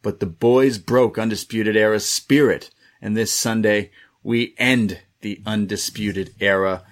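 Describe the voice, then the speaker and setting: A man's voice: on the low side, takes it slowly. A man co-hosting a wrestling review podcast, chatting casually and slipping into exaggerated impressions of wrestlers' promos. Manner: animated, mimics wrestlers' promos in exaggerated voices.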